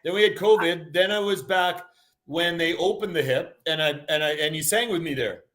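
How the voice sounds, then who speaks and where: A man's voice: fairly high pitch, normal speed, fairly bright tone. A man from Western Canada, a singer guest, telling stories in easygoing, laid-back chat. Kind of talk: casual interview chat.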